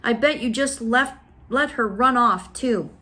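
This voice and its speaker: Woman reading as storybook girl: raised, pleading, emotional, higher lines. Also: expressive, normal speed, close to an everyday voice. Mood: upset, pleading. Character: spirited young girl, upset and pleading.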